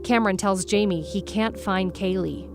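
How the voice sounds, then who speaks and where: A woman host giving measured, scripted true-crime narration. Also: mid-range voice. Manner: measured, storytelling delivery. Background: background music.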